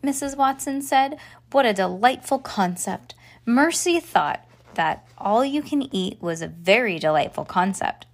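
A woman's voice: fairly high pitch, big pitch swings, a little slow, gravelly. A woman hosting a children's podcast, reading a storybook aloud with playful character voices and chatty asides.

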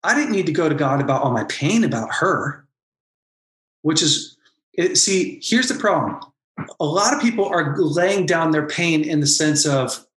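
A man's voice: a little high, expressive, normal speed, fairly bright tone, reverberant. A man and former pastor, talking as a podcast guest and telling an emotional personal story with earnest intensity. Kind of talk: candid podcast conversation.

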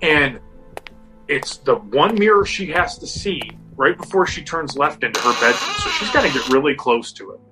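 On a low-quality recording with music in the background, a man tells a spooky story in a casual way. He's a guest storyteller with a voice on the high side and a normal speed, animatedly acting out the quotes of the people involved.

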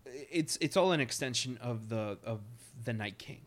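A man's voice: mid-range voice, expressive, normal speed. A man talking casually on a podcast, rambling with restarts and casual swearing. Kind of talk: casual chat.

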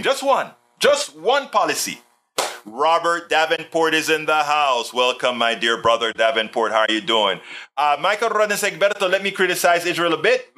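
Guy on a livestream reading out comments, bright voice, gets emphatic and repeats himself. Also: a little high. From Hawaii. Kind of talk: casual political commentary.

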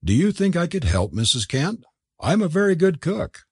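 A man's voice: on the high side, big pitch swings, moderate pace, darkish tone, slightly rough, no echo, clean studio sound, pitched above the performer's own voice, full character voice. A man voicing a prim, flustered young male curate who stammers when cornered. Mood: fussy.

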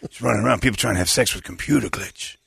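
A man's voice: on the low side, racing, creaky, a bit bright, breathy edge, dry recording, studio quality, heavily acted. A man doing a comedy impression of a vain, aging movie legend who gets baffled and erupts in theatrical outbursts. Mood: indignant.

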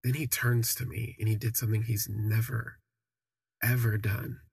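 A young man telling a personal story on a podcast, reflective and halting with frequent restarts. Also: fairly low pitch, flat delivery, gravelly, breathy edge, dry recording.

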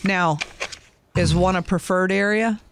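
A woman co-hosting a radio show in casual banter, playful and quick to laugh at herself. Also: fairly low pitch, steady tone, smooth, no echo. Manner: playful, laughs easily, self-teasing. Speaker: radio co-host.

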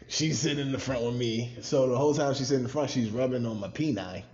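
Podcast storyteller: animated man from Maryland, swears freely, mid-range voice, muffled recording. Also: medium pitch, fast. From Maryland, USA. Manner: animated, profane, laughs often. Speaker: podcast cast member. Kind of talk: casual storytelling.

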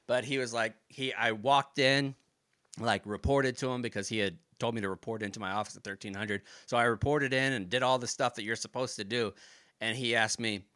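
A man's voice: medium pitch, a little fast, no echo, clean studio sound. A former Marine man telling stories from his service in a casual interview, cursing freely and acting out quoted dialogue. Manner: profane, animated retelling with quoted dialogue. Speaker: podcast guest, former Marine.

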